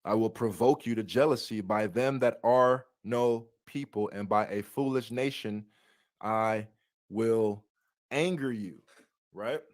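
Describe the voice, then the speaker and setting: A man's voice: on the low side, takes it slowly. A man leading a bible study, reading scripture aloud and breaking off with rhetorical questions and frequent restarts. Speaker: bible teacher.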